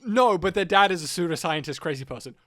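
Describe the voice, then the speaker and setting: A man's voice: on the high side, lively intonation, fast, fairly bright tone, no room sound, clean studio sound. A man co-hosting a podcast in casual chat, rambling, swearing and laughing often. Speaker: podcast co-host.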